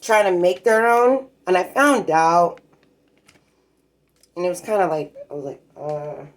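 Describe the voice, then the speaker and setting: A woman's voice: on the low side, expressive, measured pace, rough recording. A woman in a rambling, agitated and profane casual vlog rant, talking at home in her apartment while cooking.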